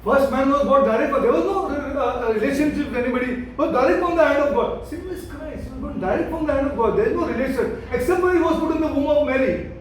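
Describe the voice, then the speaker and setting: Male pastor, very high voice, emphatic and repetitive, distant mic in a very echoey room. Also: animated, fast, a little hiss or hum. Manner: repetitive, questioning the listeners, emphatic. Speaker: pastor teaching a Bible study. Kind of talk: interactive Bible study teaching.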